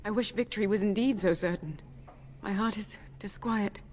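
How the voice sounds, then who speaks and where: A woman's voice: mid-range voice, normal speed, a little hiss or hum, close to an everyday voice. A woman voicing a formal, earnest noblewoman in a fantasy game. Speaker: game character. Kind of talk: game voice acting.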